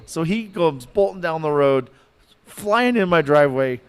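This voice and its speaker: A man spins a long story for a podcast, his voice sitting a little high for a man. He rambles and fills gaps with likes and ums, acting out the other people in the story as he goes. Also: a little slow, clean tone. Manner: animated, rambling, lots of likes and fillers. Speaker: podcast guest telling a story. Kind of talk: casual storytelling.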